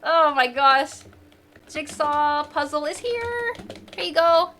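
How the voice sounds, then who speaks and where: A woman's voice: sits high, animated, takes it slowly, pushed and bright, slight background noise. A woman from the central United States chatting casually on a live stream, bubbly and giggly, with sudden squeals.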